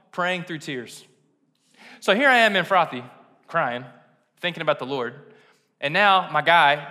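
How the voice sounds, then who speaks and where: A man's voice: on the high side, sharp tone. A man preaching a sermon as pastor, telling a personal story casually and earnestly, full of fillers. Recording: long hall reverb.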